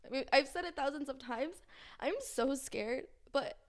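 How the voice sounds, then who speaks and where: Young woman vlogger with a high voice, rambling and earnest, nervous confessional chat. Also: normal speed. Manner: rambling, full of fillers and restarts; earnest, anxious, faith-filled. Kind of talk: casual confessional vlog.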